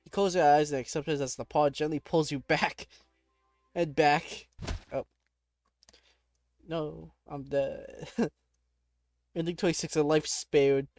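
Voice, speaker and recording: A man's voice: a little high, fairly even intonation, normal speed, a little mellow, dry recording. A man playing a text adventure, reading the game text aloud and reacting casually, laughing often and breaking off with startled exclamations.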